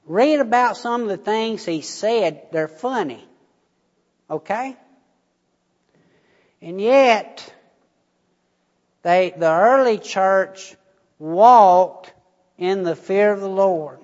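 Slow pastor in a reverberant church. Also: male voice, high voice, darkish tone. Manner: folksy storytelling, addresses congregation. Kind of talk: sermon. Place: church sanctuary. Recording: muffled sound, long church reverb.

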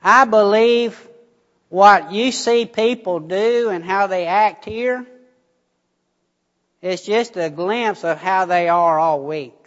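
A pastor with a fairly high voice preaches slowly and unhurriedly, folksy and chatty with his congregation. His voice rings out with a long reverb through the church sanctuary, and the sound is a little dull. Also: fairly bright tone. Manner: folksy storytelling, addresses congregation. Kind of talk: sermon.

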